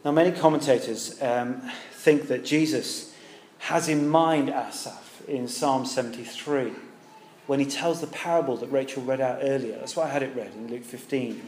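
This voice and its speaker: A man's voice: mid-range voice, moderate pace, darkish tone, a little hiss or hum. A British man preaching a sermon in a conversational way, asking his listeners rhetorical questions. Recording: echoey room with faint ambience.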